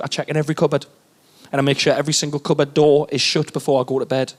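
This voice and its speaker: A man's voice: medium pitch, steady tone, fast talker. A man, doing a stand-up set in an exasperated, ranting manner. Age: 30s. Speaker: stand-up comedian.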